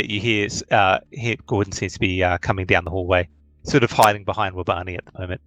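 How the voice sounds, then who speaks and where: A man narrating a tabletop game as game master, halting and full of fillers. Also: lowish voice, fairly bright tone, dry recording, soft background music.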